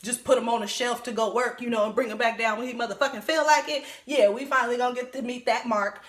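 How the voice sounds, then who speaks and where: A woman's voice: on the high side, steady tone, fast, reverberant. Blunt, chatty woman recapping a show. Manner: blunt, profane, chatty, laughs often. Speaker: reality TV recap vlogger. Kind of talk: casual show recap commentary.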